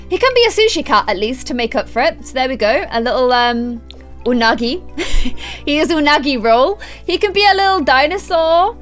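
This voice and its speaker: A bubbly young woman chatting through a game at her desk mic, gushing over her cats in baby-talk. Her voice sits high and swoops up and down with lively expression. She keeps an easy, casual commentary going. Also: moderate pace, faint music behind. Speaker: gaming YouTuber.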